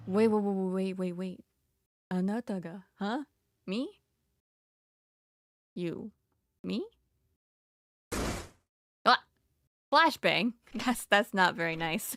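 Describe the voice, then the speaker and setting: A woman's voice: medium pitch, lively intonation, extremely slow, pauses often, a bit bright, slight background noise. A young woman streaming a horror game, chatting casually and getting flustered, laughing often. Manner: giggly, flustered, talks to the game. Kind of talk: casual let's-play commentary.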